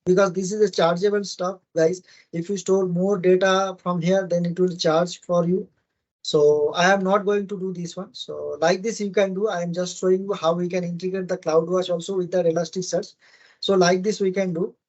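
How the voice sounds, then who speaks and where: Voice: medium pitch, steady tone, moderate pace, a little mellow, lo-fi sound. Casual tech tutorial instructor. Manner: casual, often asks "right?" and addresses "guys". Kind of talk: screen-share tech tutorial.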